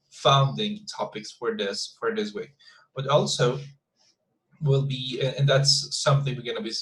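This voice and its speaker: Male teacher on a video call, mid pitch, halting and repetitive. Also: fairly bright tone, rough recording. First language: Spanish. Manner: hesitant, many repeated words and fillers. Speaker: English teacher. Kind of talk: online class instruction.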